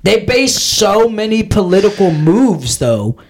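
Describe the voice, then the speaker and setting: Dude on a podcast, kinda high voice, swears a lot and rambles with tons of "like". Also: male voice, big pitch swings, unhurried, darkish tone. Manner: loose, profane, rambling with lots of "like" and "dude". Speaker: podcast co-host. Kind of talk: casual podcast chat.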